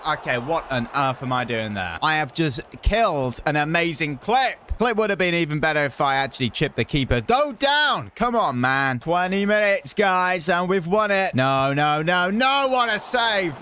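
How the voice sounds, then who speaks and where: A young man giving lively commentary over his own football video game, calling the action and reacting loudly to goals and misses. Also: fairly high pitch, moderate pace, few pauses, slight background noise. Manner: reacts loudly, calls the play like a match commentator. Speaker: gaming YouTuber. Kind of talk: excitable gameplay commentary.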